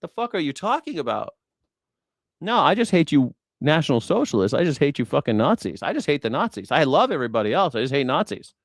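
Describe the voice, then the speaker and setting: A man's voice: fairly high pitch, sing-song, quick pace, dry recording, studio quality. A man streaming political commentary in a heated, profane rant, sarcastic and mocking his opponents. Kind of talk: ranting live stream commentary.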